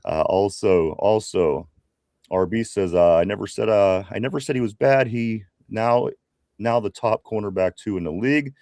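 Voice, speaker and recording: A man's voice: fairly low pitch, normal speed, a little mellow, no echo. Man, pittsburgh accent, podcast co-host, reading chat comments, dry close mic. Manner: reads viewer comments aloud, chatty, many fillers and restarts. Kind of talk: casual live-stream chat.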